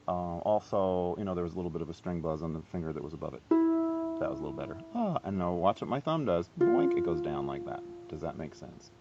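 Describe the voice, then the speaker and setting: A man's voice: low-pitched, muffled recording. A man giving a casual, rambling harp lesson, chatty and self-deprecating. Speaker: harp teacher. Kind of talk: casual instructional video.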